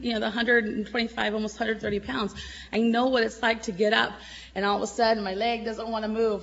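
A middle-aged woman giving an emotional church testimony, at times tearful, swinging between loud exclamations and soft murmurs. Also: a little high, highs cut off.

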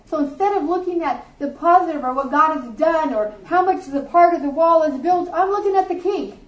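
A woman's voice: very high voice, brisk, hardly any pauses, reverberant, far from the mic, low-quality recording. A middle-aged woman giving a sermon to a group, earnest and conversational, with offhand asides. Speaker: Bible teacher. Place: warm room with a group.

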